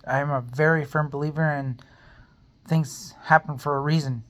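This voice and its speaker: A man's voice: fairly high pitch, fairly even intonation, moderate pace. Earnest rambling man vlogging his faith. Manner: earnest, rambling, speaks openly of his pain. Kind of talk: personal faith testimony vlog.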